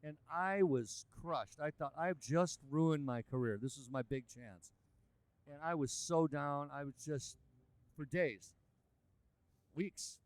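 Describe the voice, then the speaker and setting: A man, a musician and producer, telling a lively anecdote in a casual interview. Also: a little high, slow pace, no room sound. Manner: animated, lively anecdotal delivery. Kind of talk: casual storytelling.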